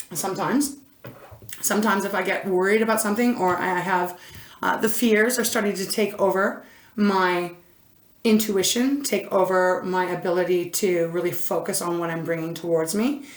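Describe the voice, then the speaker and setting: A woman's voice: medium pitch, steady tone, normal speed, roomy sound. A woman giving an intuitive card reading to camera, chatty and rambling, breaking off often to exclaim and restart. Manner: chatty, rambling, self-interrupting, frequent "oh my gosh". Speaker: intuitive tarot reader. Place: indoor room. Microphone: camera mic.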